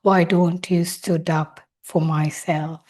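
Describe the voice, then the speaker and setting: A wounded inner child, as a woman gives it voice, pleads with the adult it has become. Slow and low-pitched, it asks one plaintive, reproachful question after another. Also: little pitch movement, darkish tone. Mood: pleading.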